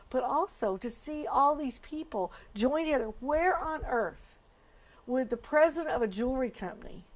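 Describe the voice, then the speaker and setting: A woman's voice: fairly high pitch, darkish tone. A woman pastor speaking in a documentary interview, earnest and emotional as she tells her story.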